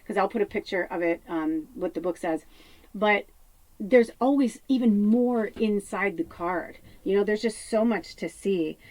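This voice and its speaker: A woman's voice: medium pitch, a little mellow, no room sound, rough recording. A woman talking casually to camera as a psychic medium, chatty with many fillers, at times dropping her voice to a whisper. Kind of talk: casual spiritual talk to camera. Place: home off grid.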